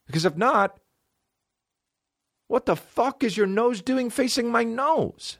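A man voicing a hostile male cult leader who rants, curses and hurls insults in a high, strained voice. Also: heavily acted. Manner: profane, yelling insults.

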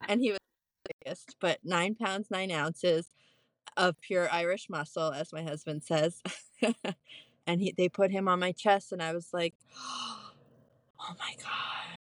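A woman in her thirties, a postpartum nurse, telling a candid personal story as a podcast guest, animated and laughing often. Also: lowish voice, moderate pace, no echo.

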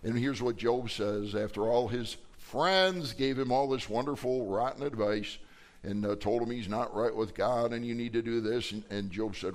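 A middle-aged male pastor preaching a sermon at a mid pitch. He talks in a folksy, chatty way and his voice leaps higher when he voices cries to God. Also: moderate pace. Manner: folksy and conversational, acting out quoted prayers with rising pitch.

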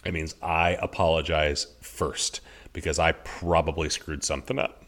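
This is a deep-voiced man in his thirties talking on a podcast. He speaks earnestly and thoughtfully, often circling back and restarting his sentences as he works through an idea. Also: flat delivery, normal speed, fairly bright tone. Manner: earnest, reflective, many restarts. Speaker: podcast co-host. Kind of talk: casual conversation.

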